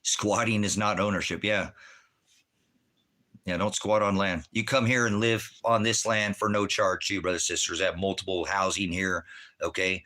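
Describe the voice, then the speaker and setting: A man's voice: sits low, flat delivery, moderate pace, sharp tone. A middle-aged man ranting angrily from his rural home, swearing heavily as he preaches online. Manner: profane, fiery, heavy swearing. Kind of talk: angry ranting monologue.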